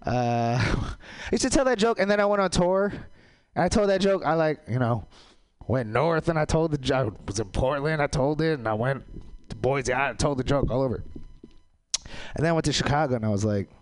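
A young adult man does a stand-up set, speaking a little fast. His deadpan one-liners keep erupting into loud, high-pitched outbursts.

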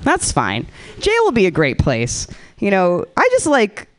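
A woman in her thirties doing a stand-up set, rambling with dark deadpan humor and acting out quotes. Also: mid-range voice, unhurried. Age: 30s. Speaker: stand-up comedian.

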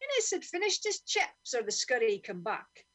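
A woman telling a story in broad Doric Scots dialect, reading with lively expression. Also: high-pitched, moderate pace.

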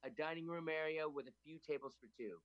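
A man reading stage directions aloud as narrator over a video call, steady with small stumbles. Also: on the high side, fast talker, no echo, highs cut off. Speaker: narrator of a table read.

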